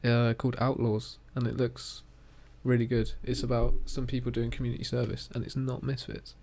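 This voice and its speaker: A man co-hosting a casual podcast chat, halting and restarting his sentences. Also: mid-range voice, completely flat delivery, vocal fry, darkish tone. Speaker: podcast co-host.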